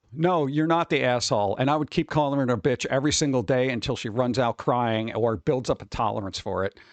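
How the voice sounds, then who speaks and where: Man, livestream rant, profane, exasperated, sarcastic, middle pitch, dry close sound. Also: fairly quick, no echo. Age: adult who worked at a record store. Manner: profane, exasperated, mocking quoted voices. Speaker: streamer reacting to advice posts.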